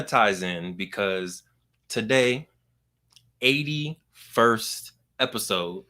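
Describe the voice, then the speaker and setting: A young adult man hosting a podcast, talking in a casual, energetic and playful way. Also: on the low side, moderate pace. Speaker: podcast host.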